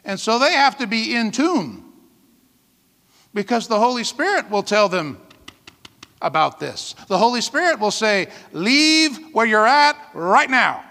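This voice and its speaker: A male pastor preaching a sermon in a lively way, often calling out "amen?" and laughing between points. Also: high voice, in a large hall.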